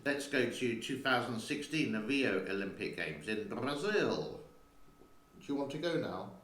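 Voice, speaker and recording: A man's voice: medium pitch, animated, measured pace, fairly bright tone, echoey room. Chatty man vlogging from a home studio. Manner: rambling and chatty, talks to his cat. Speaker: channel host. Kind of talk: casual vlog chat.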